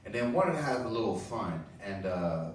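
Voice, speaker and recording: A Puerto Rican man doing an open mic stand-up set, telling a story loosely with fillers and going higher when excited. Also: normal speed, slight background noise. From Puerto Rico. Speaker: stand-up comedian. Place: small comedy club, open mic. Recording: echoey room, far from the mic.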